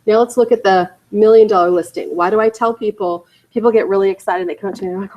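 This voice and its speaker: A woman leading a real estate training class, emphatic and energetic, often checking in with "okay" and "you guys". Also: mid-range voice, fast talker, hardly any pauses, muffled recording. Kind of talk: training lecture to agents. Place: training room.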